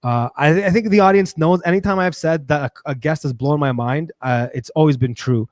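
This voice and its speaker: A man hosting his own livestream, talking in a rambling, animated way, full of fillers and restarts. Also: fairly high pitch, a little fast, no echo, studio quality. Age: adult with a daughter. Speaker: livestream host. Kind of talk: casual livestream monologue.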